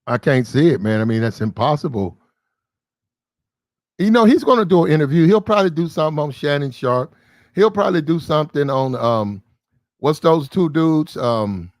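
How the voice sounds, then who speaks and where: A man's voice: mid-range voice, expressive, moderate pace, pauses often, no room sound. Man, livestream host, blunt and disbelieving, swears casually; dry, close sound. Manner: blunt, incredulous, swears freely. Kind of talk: casual commentary.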